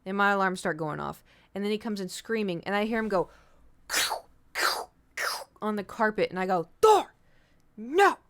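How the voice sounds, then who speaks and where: A woman's voice: mid-range voice, moderate pace, pauses often, clear, resonant tone. A woman streamer chatting casually with viewers, telling a rambling story with swearing and the odd whispered aside. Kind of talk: casual chat.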